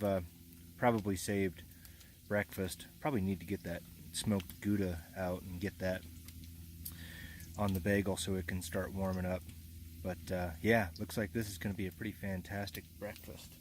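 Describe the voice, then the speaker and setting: A man's voice: low voice, darkish tone, a little hiss or hum, low-quality recording. A man vlogging from his tent on a camping trip, groggy and rambling with lots of fillers. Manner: rambling, halting, many fillers. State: groggy just after waking. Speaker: motocamping vlogger. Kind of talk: casual camp vlog. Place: inside a hot tent with a wood stove.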